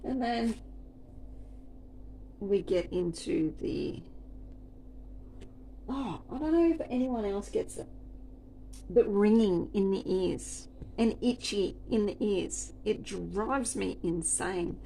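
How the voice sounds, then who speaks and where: A woman's voice: mid-range voice, animated, takes it slowly, gravelly, pauses often, mellow, a little hiss or hum. A woman who works as a restaurant server, telling stories in a chatty, wry and rambling way. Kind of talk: casual storytelling chat.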